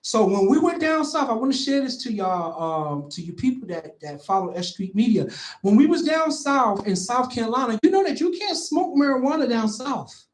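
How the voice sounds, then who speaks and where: A man's voice: extremely high pitch, sing-song, normal speed. A man, telling stories in casual talk-show chat, full of "you know" fillers and street slang. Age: 50s. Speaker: co-host. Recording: roomy echo.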